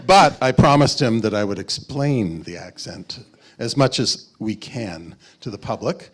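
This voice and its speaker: A male film co-writer and director on a festival panel, telling anecdotes in an animated way and laughing often. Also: fairly low pitch, unhurried. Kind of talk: casual panel talk.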